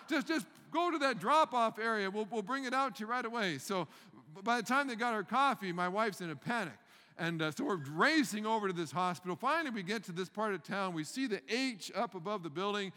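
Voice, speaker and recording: An older man telling a funny personal story, acting out the panic in a loud voice, with frequent stammers and repeated words. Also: very high voice, in a large hall. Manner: animated, acts out the panicked scenes loudly, stammers and repeats words. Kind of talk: humorous storytelling talk.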